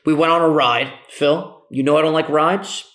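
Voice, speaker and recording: Young male co-host, slightly high voice, eager and profane, in a roomy space. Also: normal speed. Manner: excited storyteller, heavy swearing. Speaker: podcast co-host. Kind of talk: casual chat. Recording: echoey room.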